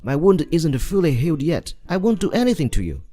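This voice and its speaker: A man's voice: big pitch swings, fairly quick, warm tone. A whiny pampered rich man. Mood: coaxing. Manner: whiny and clingy, pitch jumping up in fright. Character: pampered young rich man, timid and scheming. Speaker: bedridden rich husband. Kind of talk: dubbed drama acting.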